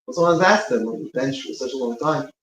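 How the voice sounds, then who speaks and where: A fast-talking man with a mid-range, somewhat bright voice gives an informal teaching talk between prayers in a synagogue room. He rambles and restarts while searching for words. The room is echoey, with slight background noise.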